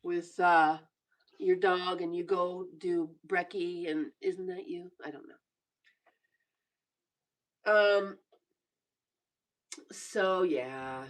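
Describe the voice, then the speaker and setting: Woman, 40s, unhurried teasing live-stream chatter, laughs a lot, mic set back a little. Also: fairly low pitch, fairly even intonation, far from the mic. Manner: chatty, teasing, laughs often, reads viewer comments aloud. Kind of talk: casual live stream chat. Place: home bedroom.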